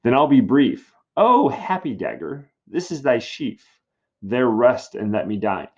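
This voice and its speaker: A man's voice: medium pitch, measured pace, darkish tone. A man reading the lines of a grieving young woman aloud from a play, in a dull lo-fi recording. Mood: mournful. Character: grief-stricken young woman, Juliet.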